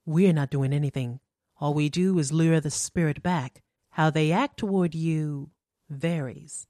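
A woman reading the lines of a stern, calm older mother who leads a séance, speaking softly, clearly and without hurry. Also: low-pitched, dry recording, studio quality. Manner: soft, clear and unhurried.

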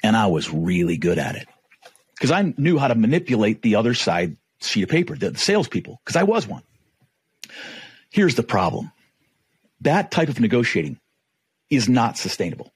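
Middle-aged male negotiation trainer, animated storyteller, husky voice, lively delivery. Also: on the low side, normal speed, long pauses, no room sound. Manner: animated, acts out dialogue. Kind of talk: storytelling in a talk.

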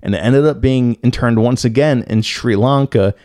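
A young man co-hosting a podcast, telling a story casually with lots of swearing and filler words and bursts of loud disbelief. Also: medium pitch, moderate pace, no room sound, clean studio sound. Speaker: podcast co-host.

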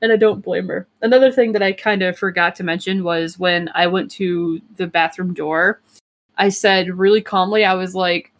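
A young woman co-hosting a podcast, telling a story in a casual, rambling way with lots of "like" and "um" and quick laughs. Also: on the low side, steady tone. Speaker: podcast co-host.

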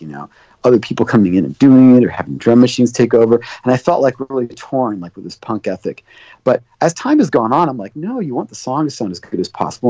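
A man's voice: lowish voice, darkish tone, no echo. A man guesting on an interview show, telling long rambling stories full of fillers and acting out quoted dialogue. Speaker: guest, record producer. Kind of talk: casual interview storytelling. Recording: dull lo-fi dry sound.

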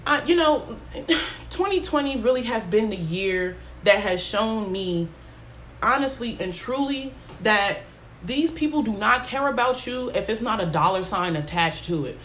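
A woman's voice: medium pitch, animated, normal speed, a bit bright. A young woman, hosting a casual podcast monologue in a blunt, rambling way that drifts off on tangents. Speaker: podcast host.

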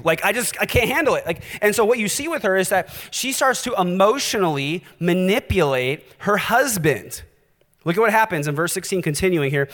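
A male pastor preaching a sermon, animated and direct, challenging his listeners. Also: sits high, normal speed, big-room sound.

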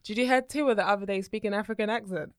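A young woman co-hosting a couple's vlog in casual chat, animated and playful with frequent giggles. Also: medium pitch, racing, clear, resonant tone, no echo, clean studio sound.

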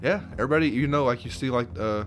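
A man's voice: medium pitch, fast, soft background music. A man co-hosting a podcast, chatting casually in a rambling, hesitant way with lots of fillers. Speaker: podcast co-host. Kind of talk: casual chat.

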